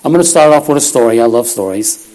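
A man's voice: medium pitch, animated, fast talker, a little mellow. Folksy man preaching with stories. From Puerto Rico heritage. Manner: folksy, self-deprecating, often laughs while talking. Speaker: lay preacher. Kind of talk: sermon with storytelling. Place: church.

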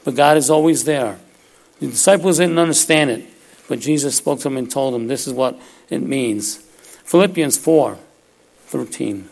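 Gravelly-voiced man preaching. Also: medium pitch, normal speed, darkish tone. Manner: conversational preaching, frequent "all right?" asides. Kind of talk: sermon.

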